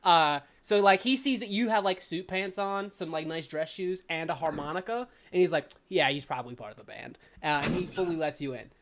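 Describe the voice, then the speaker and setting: A woman running a tabletop role-playing game as game master, narrating casually, laughing often and slipping into quick voices for side characters. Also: fairly low pitch.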